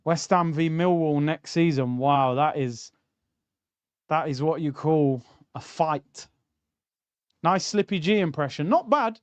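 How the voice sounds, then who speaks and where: A young man hosts a football watchalong, chatting and joking with his viewers. His voice sits a little high and sounds smooth and clear. The sound is dry and close to the mic. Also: slow, pauses often, no room sound. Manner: banter, reacting and reading out chat. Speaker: streamer hosting a football watchalong. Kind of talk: casual live-stream chat.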